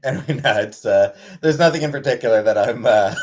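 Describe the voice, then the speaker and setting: A man's voice: medium pitch, brisk. A man hosting a casual livestream from home, rambling as he reads chat comments and thanks viewers by name. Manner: rambling, thanks chatters by name, baby-talks to his pet. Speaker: livestream host.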